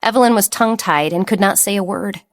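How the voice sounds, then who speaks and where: A woman's voice: mid-range voice, fast talker. A woman reading a romance novel aloud as an audiobook narrator. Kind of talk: scripted narration.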